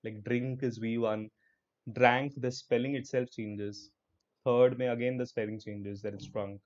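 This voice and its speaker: Upbeat Indian English teacher, lo-fi audio. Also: male voice, medium pitch, steady tone, moderate pace, a little mellow. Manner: upbeat, encouraging, mixes Hindi into English. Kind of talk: live online class.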